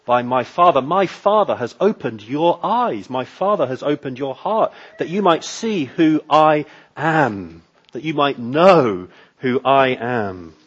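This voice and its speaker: Slow, emphatic male preacher, husky. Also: mid-range voice, lively intonation, lo-fi sound. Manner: slow, emphatic preaching with rising repeated phrases. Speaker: pastor. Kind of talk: sermon.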